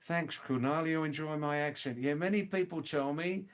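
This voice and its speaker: A man's voice: on the high side, normal speed. A man from Australia with a mild Australian accent, hosting a live stream and explaining words to his viewers, repeating the key words as he goes. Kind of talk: casual live chat explaining language.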